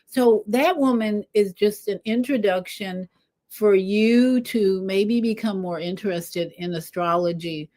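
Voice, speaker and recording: An older woman hosting a casual spiritual livestream, rambling with animated asides. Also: mid-range voice, measured pace. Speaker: livestream host.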